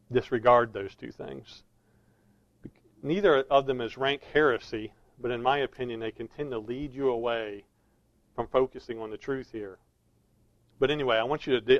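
A man's voice: mid-range voice, no echo. Guy preaching a verse-by-verse sermon, earnest, punches key words, dry slightly muffled audio. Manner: earnest, stresses key words with slow emphasis. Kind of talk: expository sermon.

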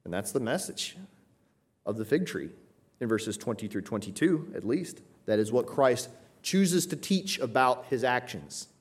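A man teaching a Bible passage, earnest and emphatic, slowing down to explain Greek wording and often checking in with "right?". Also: medium pitch, lively intonation, breathy edge.

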